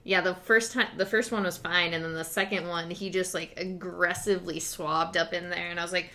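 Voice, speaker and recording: A woman co-hosting a casual comics podcast, chatty and quick to laugh. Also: lowish voice, steady tone, pushed and bright. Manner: laughs often, loose and chatty. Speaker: podcast co-host.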